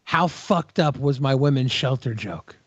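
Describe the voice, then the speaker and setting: A man's voice: mid-range voice, lively intonation, measured pace, dull audio. A man co-hosting a podcast, chatting casually and making crude, provocative jokes. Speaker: podcast co-host.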